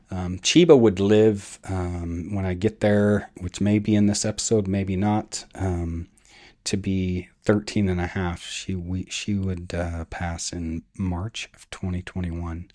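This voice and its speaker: List: man, podcast host, low voice, personal storytelling, rambling, many fillers, self-corrections. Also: warm tone.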